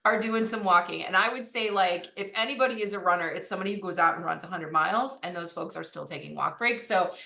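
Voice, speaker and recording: A woman running coach talking in a casual interview, animated, laughing often and using lots of fillers. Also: lowish voice, fast, gravelly, few pauses. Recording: echoey room.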